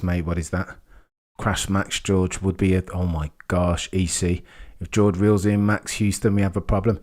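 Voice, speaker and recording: A man calling a live race stream as a fan, jumping from calm updates to loud pleading shouts. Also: fairly low pitch. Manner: swings from calm reading of gaps to loud shouting; fan-like, pleading with drivers, chatty with viewers.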